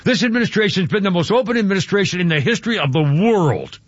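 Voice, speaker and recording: A man's voice: high voice, lively intonation, quick pace, slightly rough, dry recording, muffled recording. A male radio talk show host, ranting and exasperated in a rambling way.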